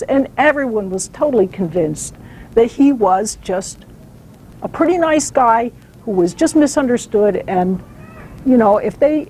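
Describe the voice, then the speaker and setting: A woman author giving a public talk, telling stories in an animated way with some fillers. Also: fairly high pitch, a little hiss or hum, poor audio. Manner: storytelling, animated, uses fillers.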